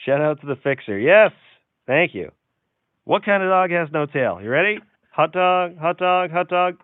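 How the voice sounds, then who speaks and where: A man's voice: on the high side, no room sound. A man hosting a casual live stream, reading out silly jokes and viewer comments with frequent chuckles. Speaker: livestream host. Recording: tinny, phone-like sound.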